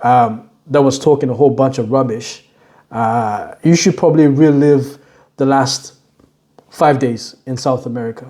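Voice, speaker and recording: A man's voice: mid-range voice, fairly even intonation, normal speed, warm tone. A young man giving casual, mocking reaction commentary on news clips, laughing often and dropping slang.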